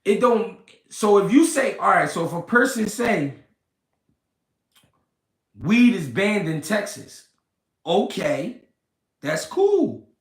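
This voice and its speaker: A man hosting a casual livestream, reading comments and talking slow and deliberate, repeating himself and swearing. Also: high-pitched, big pitch swings. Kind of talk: casual livestream talk about boxing. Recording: roomy echo.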